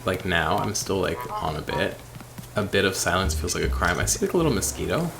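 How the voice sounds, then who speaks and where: Sleepy rambling man, gravelly voice. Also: low voice, brisk, noisy background. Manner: rambling, self-deprecating, bursts of excited squeals. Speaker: streamer. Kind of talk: late-night casual gameplay chat.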